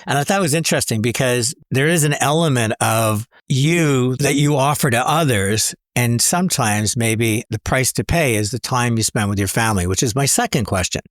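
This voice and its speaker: A man hosting a podcast interview, asking questions in a thoughtful, measured way. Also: fairly low pitch, no room sound, clean studio sound. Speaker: podcast host.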